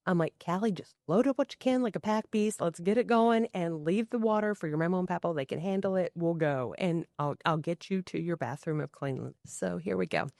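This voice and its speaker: A middle-aged woman, a podcast guest, telling lively personal stories and acting out the voices of people in them. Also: lowish voice, fairly quick, gravelly, hardly any pauses, no echo, clean studio sound. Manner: animated storyteller, acting out quoted voices. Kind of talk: casual storytelling conversation.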